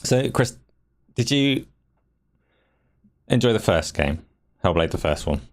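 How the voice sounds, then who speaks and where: A man hosting a casual gaming podcast, putting measured follow-up questions to a co-host. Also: lowish voice, sing-song.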